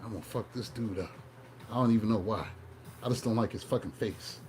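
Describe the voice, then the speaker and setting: A man voicing a muscle-bound male kangaroo, spoiling for a fight, in a low, threatening mutter. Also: a little fast, a little mellow, slight background noise, close to an everyday voice. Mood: menacing.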